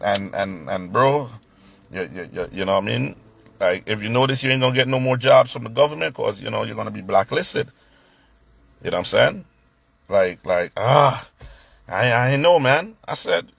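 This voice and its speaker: A man with a husky, mid-range voice and vocal fry tells a story as an animated, casual rant, recorded dry. He stumbles over repeated words and acts out what other people said.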